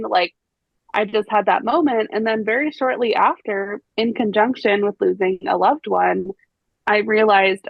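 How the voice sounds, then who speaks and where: A woman's voice: mid-range voice, measured pace, gravelly, no echo. A woman on a podcast, speaking candidly and reflectively about her own past, laughing easily. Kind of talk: conversational podcast chat. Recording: dull dry remote mic.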